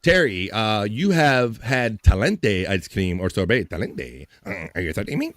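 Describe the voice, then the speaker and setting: A man's voice: fairly low pitch, big pitch swings, moderate pace, fairly bright tone, dry recording, studio quality. A man hosting a casual live-stream chat, joking around and reading the chat aloud. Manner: joking, reads chat aloud, puts on silly voices. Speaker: host.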